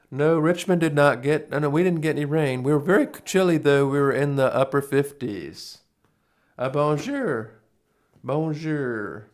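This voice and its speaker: A man, hosting a live stream and chatting casually with viewers in a rambling, folksy way with chuckling asides. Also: mid-range voice. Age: 40s.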